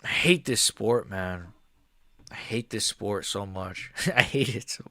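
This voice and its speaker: A man's voice: lowish voice, slow, bright, forceful tone, dry recording, studio quality. A man streaming a live fight reaction, ranting angrily and swearing, rambling with frequent restarts. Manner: angry, profane ranting. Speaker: MMA streamer.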